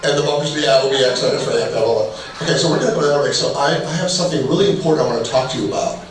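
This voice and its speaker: A man's voice: mid-range voice, rapid-fire, crowd noise. A middle-aged man giving a casual, humorous marriage workshop talk, telling personal stories and acting out little dialogues. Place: large echoey hall. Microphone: distant room mic. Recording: echoey hall, far from mic, faint noise.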